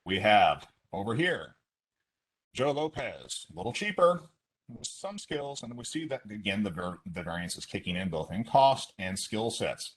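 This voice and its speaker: Husky low-voiced man explaining a demo. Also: sing-song. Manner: brisk, explanatory, with asides. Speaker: instructor presenting a teaching simulation. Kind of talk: online webinar walkthrough.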